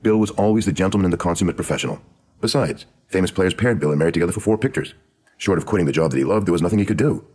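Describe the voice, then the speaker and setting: A man voicing a sharp, sardonic woman screenwriter of the 1920s in a true crime audio drama, with a dry, knowing manner. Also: deep voice, very fast, breathy edge, pitched above the performer's own voice. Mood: confiding.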